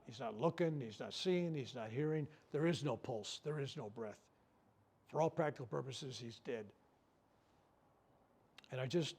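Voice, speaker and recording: A man, a reverend, telling healing stories in a lively workshop talk before a live audience, acting out what people said. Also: a little high. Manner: animated storyteller, acts out quoted speech. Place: room at a medical center, before a live audience.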